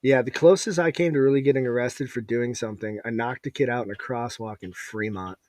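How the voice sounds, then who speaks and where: A man's voice: mid-range voice, brisk, darkish tone, no echo, studio quality. A man hosting a podcast, telling a rambling, profane story in casual chat. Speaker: podcast host.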